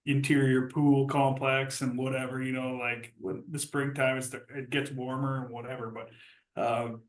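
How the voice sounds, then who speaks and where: A man's voice: medium pitch, flat delivery, normal speed, roomy sound, recorded from a distance. A man telling a casual story as a guest, rambling and laughing, with lots of fillers. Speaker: guest, former hockey captain.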